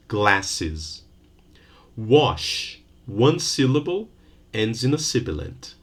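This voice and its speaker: Slow, low-voiced male lecturer. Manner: patient, explanatory, frequent "okay?" checks; slows down to stress rules and example words. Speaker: university lecturer. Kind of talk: recorded phonetics lecture.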